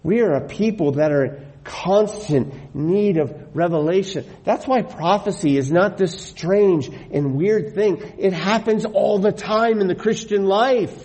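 A man's voice: high voice, dark tone, low-quality recording. A middle-aged man preaching a sermon as pastor, earnest and emphatic, often repeating his phrases for weight.

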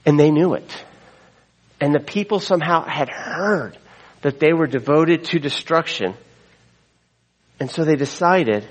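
A man's voice: medium pitch, measured pace, pauses often, low-quality recording. A man preaching a sermon as a pastor, retelling the story in a conversational way with asides to the congregation.

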